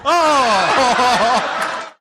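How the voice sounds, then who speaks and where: A man sponsoring in a recovery program, walking a listener through an inventory in a lively, joking way with frequent laughter. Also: extremely high pitch, drawn-out words, a little hiss or hum. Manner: animated, laughs often, acts out voices. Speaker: AA sponsor guiding a step inventory. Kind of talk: casual teaching talk.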